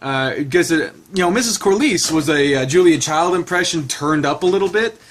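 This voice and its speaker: A man's voice: a little high, normal speed. A young man reading a visual novel aloud with joking, profane, self-deprecating commentary. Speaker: let's player.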